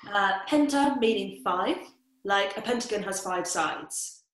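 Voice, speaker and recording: A woman's voice: medium pitch, animated, measured pace, a bit bright. A woman patiently explaining in a casual, scripted educational chat. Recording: roomy echo.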